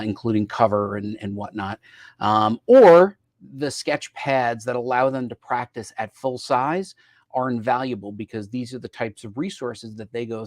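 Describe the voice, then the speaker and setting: Male show host, playful and chatty, dry close mic, mid-pitched voice. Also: a little mellow, no echo. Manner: upbeat, playful, frequent fillers. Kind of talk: casual chat about gifts.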